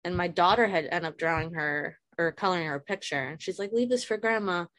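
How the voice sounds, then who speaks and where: Low-voiced woman sharing grief candidly. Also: fast talker, fairly bright tone, dry recording. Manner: frank, emotional, swears casually. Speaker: guest. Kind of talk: candid personal conversation. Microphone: video call.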